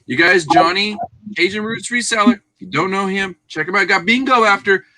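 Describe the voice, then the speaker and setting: Bright, chatty male livestream co-host. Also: high voice, fairly quick. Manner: chatty, hypes up viewers in the chat. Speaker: podcast co-host. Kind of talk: casual livestream chat.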